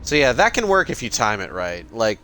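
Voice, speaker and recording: A man's voice: fairly low pitch, big pitch swings, brisk, bright, forceful tone, slight background noise. A man casually talking while playing a video game, rambling with lots of fillers and cursing freely. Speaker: gaming streamer. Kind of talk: casual let's-play commentary.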